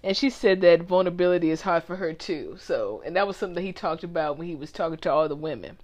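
A woman's voice: fairly low pitch, expressive, fast, a little mellow. A woman co-hosting a casual talk show, recapping a reality TV episode and laughing often as she talks. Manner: laughs often, chatty storytelling. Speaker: podcast co-host.

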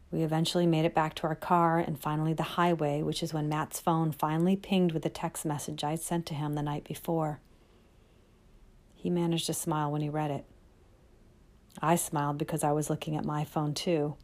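A woman, the show's writer, reading her own suspense story aloud in a calm, measured first-person narration. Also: low-pitched.

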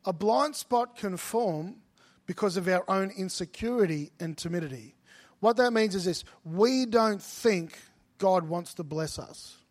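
Middle-aged male pastor, sermon storyteller, slightly raised pitch, emphatic peaks. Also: expressive, a little slow.

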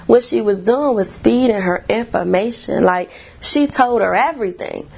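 Woman, therapist-podcaster, gravelly edge, blunt profane storyteller. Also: on the high side, moderate pace, a little mellow. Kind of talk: storytelling monologue.

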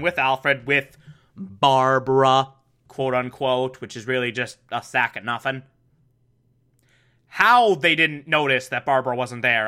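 Sarcastic man with a bright voice. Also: fairly high pitch. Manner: sarcastic, rambling. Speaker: show recapper. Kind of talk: casual recap.

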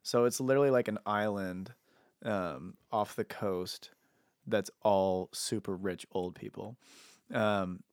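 Brief: young man, relaxed podcast guest, stop-start delivery, dry close mic. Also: lowish voice, no room sound. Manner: halting, laid-back, trails off. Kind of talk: casual podcast chat.

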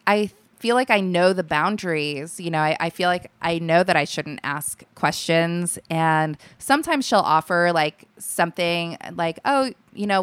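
Young woman guest, lowish smooth voice, dry close mic, chatty with lots of likes. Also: a bit bright, no room sound. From Alaska. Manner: chatty, laughs often, many likes and restarts. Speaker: podcast guest, comedy writer. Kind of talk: casual chat.

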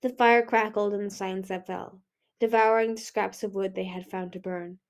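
A woman reading a novel aloud in a steady way, with small slips. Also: medium pitch, normal speed. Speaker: reader. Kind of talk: audiobook reading.

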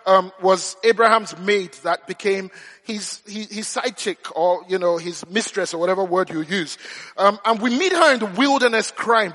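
A man's voice: sits high, bright, forceful tone, long reverb tail. A man preaching a sermon, telling humorous, self-deprecating stories. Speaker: pastor.

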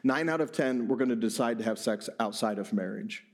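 A middle-aged man preaching a sermon as pastor, animated, stumbling over repeated words in quick bursts. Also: mid-range voice.

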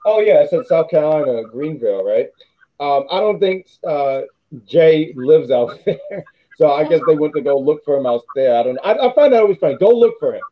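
A man's voice: on the high side, very animated, a little fast, a little hiss or hum. Rambling man, dull lo-fi sound. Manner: rambling, self-correcting, laughs often. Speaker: podcast co-host. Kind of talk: casual wrestling chat.

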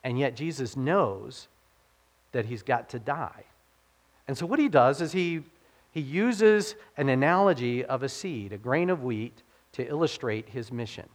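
A man's voice: medium pitch, expressive, measured pace. A man pastor giving a conversational sermon, posing rhetorical questions to the congregation and dropping his voice to quote scripture.

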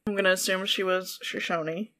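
A young woman hosting a podcast in a chatty, animated way, trading ghost stories and reading a friend's account aloud. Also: medium pitch, normal speed. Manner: chatty and animated, laughs easily. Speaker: podcast host.

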